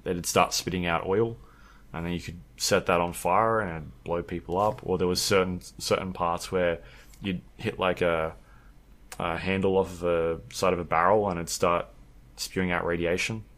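Aussie guy with a deep voice, casual podcast chat, lots of ums. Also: normal speed. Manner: rambling, filler-heavy, animated when telling stories. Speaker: podcast co-host.

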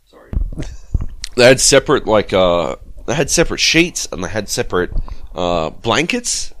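An Australian man on a gaming podcast who talks in a fairly low voice with lots of swing in it. He rambles through his stories and swears freely along the way. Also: very animated, moderate pace, fairly bright tone. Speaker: podcast co-host. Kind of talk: casual chat.

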